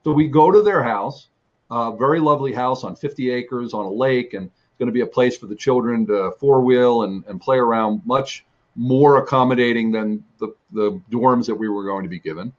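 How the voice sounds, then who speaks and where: A man's voice: mid-range voice, moderate pace, highs cut off. A man telling a long personal testimony about his travels, rambling with restarts and fillers. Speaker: ministry teacher. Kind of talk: storytelling testimony.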